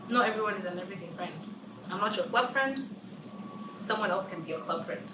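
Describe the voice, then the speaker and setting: A young Kenyan woman vlogs her opinions casually at a medium pitch, talking briskly but leaving long pauses and driving her points home by repeating phrases emphatically. The camera's built-in mic, with no external mic, picks her up from a distance in a roomy space with a noisy background.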